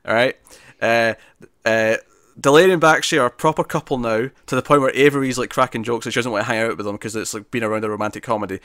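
A man chatting casually as a podcast co-host, recapping at length with lots of "like" and "uh" and frequent restarts. His voice sits at an ordinary middle pitch. It is recorded close and dry, with no room sound. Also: fairly even intonation, fast, a bit bright, dry recording. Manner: rambling, lots of fillers and restarts. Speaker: podcast co-host reviewing comics. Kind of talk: casual chat.

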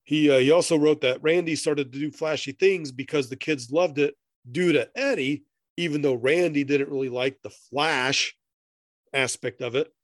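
A man talking casually on a podcast, his voice sitting a little higher than most men's. He rambles, circles back, and laughs easily. The sound is close and dry, with no room around it. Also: moderate pace, no room sound. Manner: rambling, reads passages aloud, laughs often. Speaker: podcast co-host. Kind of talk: casual chat.

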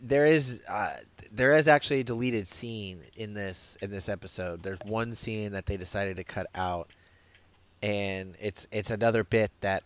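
Animated man chatting, lower voice. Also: normal speed, smooth. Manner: animated, laughing, frequent restarts. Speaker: podcast co-host. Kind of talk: casual chat.

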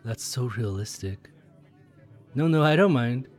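A friendly, chatty train conductor, played by a man in an audio role-play, who sounds curious and is quick to get excited. His voice is at a middle pitch. Soft music plays faintly behind him. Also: close to an everyday voice.

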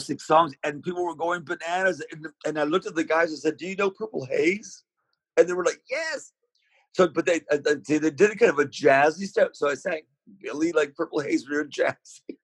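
A man's voice: on the high side, fairly bright tone, husky, dry recording, rough recording. A man being interviewed, telling long rambling stories about his singing with many restarts. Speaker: interview guest, singer. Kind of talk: casual storytelling.

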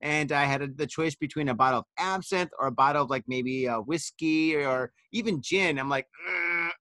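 A man's voice: mid-range voice, a little fast, pushed and bright, no echo. A man hosting a casual podcast chat, tipsy from wine, telling rambling stories full of swearing and "dude". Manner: profane, rambling storyteller, says dude and man a lot. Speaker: podcast host.

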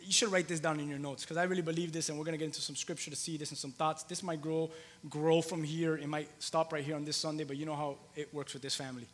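A man's voice: on the high side, level tone, fast talker, few pauses, a bit bright, in a large hall. A man in his thirties preaching a conversational sermon in a church, repeating phrases for emphasis. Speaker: pastor. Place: church hall with long reverb.

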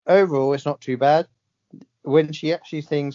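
A man's voice: fairly high pitch, moderate pace, darkish tone, lo-fi sound. Blunt, teasing man. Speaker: podcast co-host. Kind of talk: casual chat.

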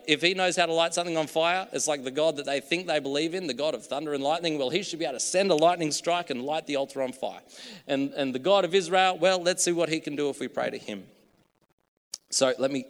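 A man's voice: a little high, fairly quick, big-room sound. A man preaching a sermon in a casual, joking, chatty way.

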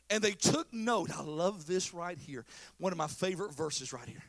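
A man pastor preaching a sermon, swinging between shouted exhortation and quiet, confiding storytelling. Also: a little high, lively intonation, moderate pace, gravelly, no room sound.

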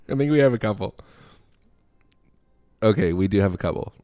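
Lively low-voiced man, casual podcast chat. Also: brisk, no echo, studio quality. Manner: playful, laughs while reading reviews aloud. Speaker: podcast co-host.

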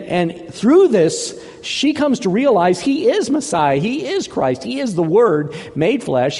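A man preaching a sermon as a pastor, emphatic, moving between hushed retelling and forceful exhortation. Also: a little high, in a large hall.

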